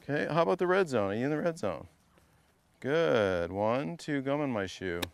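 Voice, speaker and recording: A man's voice: medium pitch, very animated, normal speed, vocal fry. A man coaching a student through a golf lesson, playful and teasing, repeating short drill cues over and over. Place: golf academy practice area.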